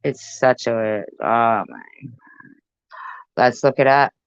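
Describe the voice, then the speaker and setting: A woman's voice: a bass voice, lively intonation, slow, clear, resonant tone, dry recording. A middle-aged woman giving casual reaction commentary in a profane, joking, rambling way. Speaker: video commentator. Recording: dull lo-fi sound.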